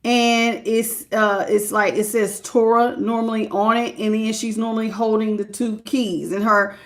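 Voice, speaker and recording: A woman hosting a live tarot reading, thinking aloud as she works through the cards and stops to greet viewers by name in a warm, familiar way. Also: a little high, little pitch movement, a little slow. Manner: conversational, thinking aloud, interrupts herself to welcome viewers by name.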